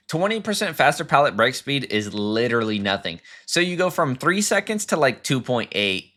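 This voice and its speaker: A man's voice: mid-range voice, pushed and bright. A man giving casual, opinionated gaming commentary, blunt and swearing freely as he ranks perks, often restarting his sentences. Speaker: gaming video creator ranking perks.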